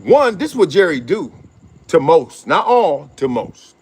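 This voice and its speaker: A man's voice: fairly high pitch, big pitch swings, measured pace, darkish tone, husky. A middle-aged man hosting his own show, riffing in slangy casual commentary, laughing often and acting out quotes. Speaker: show host.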